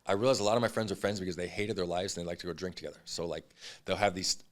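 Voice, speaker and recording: Man in his 30s, deep voice, rapid blunt storytelling, swears a lot, interview guest. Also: fairly even intonation. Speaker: podcast guest.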